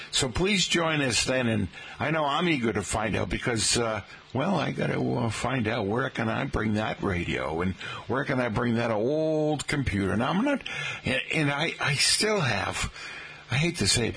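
Older man from the Boston area, low gravelly voice, folksy local radio host who rambles and calls listeners "folks". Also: a bit bright, slight background noise. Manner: chatty, folksy, keeps saying "folks", many fillers. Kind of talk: rambling morning radio chat.

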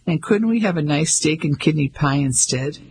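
A man's voice: a little high, lively intonation, normal speed, a little mellow, slight background noise, natural voice. A man voicing a friendly café owner, wry and easygoing. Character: warm French café owner, middle-aged man.

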